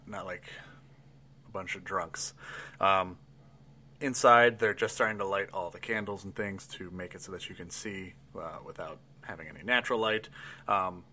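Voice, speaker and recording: A man narrating as game master, describing the scene in a relaxed, loose way with many fillers. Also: fairly low pitch.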